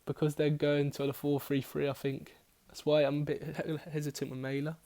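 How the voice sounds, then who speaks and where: A man's voice: on the high side, little pitch movement, normal speed, mellow. A man casually talking through his fantasy football team picks, rambling and correcting himself as he goes. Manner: chatty, rambling, self-correcting, swears casually. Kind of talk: casual team-selection talk.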